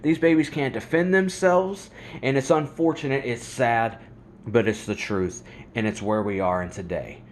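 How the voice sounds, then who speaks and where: A man's voice: mid-range voice, normal speed, a little hiss or hum. A man hosting a religious commentary vlog, talking in an angry, fired-up rant. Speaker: host.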